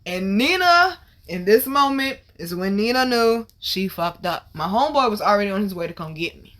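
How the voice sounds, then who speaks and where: Woman vlog host with a bright, forceful voice, spinning a story in slangy, cuss-laden casual talk. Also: mid-range voice, normal speed. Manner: animated, profane, slangy retelling.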